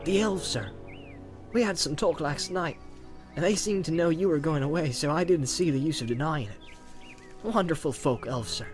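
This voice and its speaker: A man's voice: a little high, moderate pace, over music, voice pushed up, close to an everyday voice. A man reading aloud and voicing a loyal, stubborn male hobbit servant who speaks plainly and respectfully. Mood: warm. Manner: plain, homely, respectful with a "sir".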